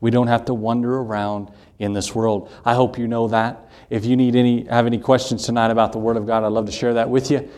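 A man's voice: mid-range voice, level tone, fairly quick, few pauses, darkish tone. A middle-aged man, the pastor, preaching an earnest evening sermon that repeats key lines and quotes Scripture, with homely asides.

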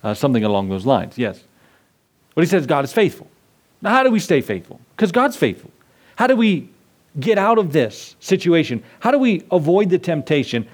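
A man preaching from the pulpit, his voice sitting a little higher than most men's. He talks in a loose, conversational way. He often puts a question to the congregation and then answers it himself. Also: very animated, normal speed. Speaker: pastor. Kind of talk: sermon.

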